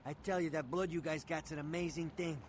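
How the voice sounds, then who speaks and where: A man's voice: fairly high pitch, steady tone, quick pace, natural voice. An actor playing a battered, grateful male barfly in a video game. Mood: weary. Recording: game audio with crowd noise.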